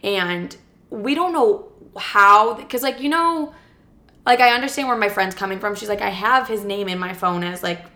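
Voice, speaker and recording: A young woman telling a personal story in a casual, animated way. She swears freely and acts out what each person said. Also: mid-range voice, normal speed.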